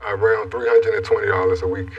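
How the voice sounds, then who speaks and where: A defendant man answering the judge in a TV courtroom, curt and defensive. His husky voice sounds dull and far from the mic. Soft music plays beneath. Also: on the low side, little pitch movement, quick pace. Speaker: defendant business owner. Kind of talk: courtroom testimony.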